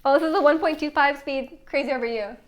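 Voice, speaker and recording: A young woman with a high voice chats on a live stream from her home kitchen. She reads viewers' messages aloud and rambles easily between them, filling her sentences with "like". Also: quick pace. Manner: chatty, reads chat aloud, many "like" fillers. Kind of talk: casual live-stream chat while baking.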